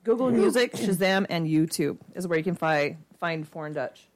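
A woman's voice: lowish voice, animated, moderate pace. A woman hosting a podcast in casual chat, loose and joking, swearing freely. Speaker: podcast host.

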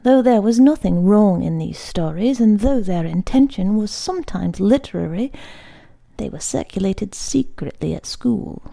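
Soft-spoken woman reading a bedtime story. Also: mid-range voice, vocal fry. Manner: soft, often half-whispered reading. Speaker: podcast host and reader.

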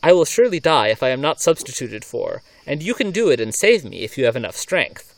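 A man reading aloud as a dying man who gives solemn, deliberate instructions. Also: medium pitch, sing-song, vocal fry, no echo. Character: dying man giving grave, solemn warnings.

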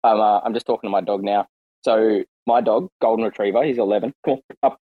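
A man chatting casually on an online voice call, rambling and relaxed with lots of fillers and restarts. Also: on the low side, fast, dry recording, phone-quality sound. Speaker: participant in an online audio chat room. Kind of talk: casual chat.

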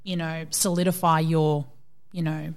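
Aussie woman yarning away, lowish voice, lively, swears a bit, acts out what people said. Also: unhurried, smooth. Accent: Australian. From Australia. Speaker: guest, fitness coach. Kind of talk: casual storytelling interview.

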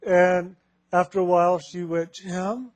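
A man giving a spiritual talk, telling a story slowly and deliberately and repeating phrases for emphasis. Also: on the high side, steady tone, darkish tone, no echo. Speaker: spiritual teacher.

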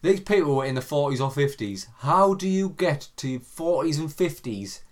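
A man's voice: on the high side, expressive, normal speed. A young man, co-hosting a casual podcast chat, telling a story animatedly, doing voices, swearing and laughing often. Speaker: podcast co-host.

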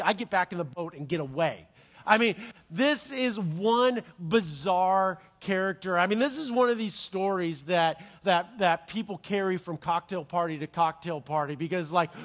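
Animated high-voiced male preacher. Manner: animated storyteller, playful asides and frequent restarts. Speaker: pastor. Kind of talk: sermon.

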